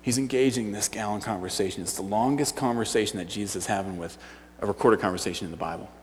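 A man preaching a sermon as a youth pastor, dropping to hushed near-whispers and then rising to loud shouts. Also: fairly low pitch, fast, slight background noise. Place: church sanctuary. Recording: long hall reverb.

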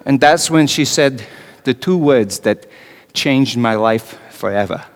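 An actor playing a young carpenter in a dramatic stage monologue, talking in a conversational way with wry asides and stammered repeats. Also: male voice, medium pitch, lively intonation, measured pace. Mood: shaken. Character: Joseph the carpenter, young man, wry and anguished. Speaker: actor in a one-man monologue. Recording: long hall reverb.

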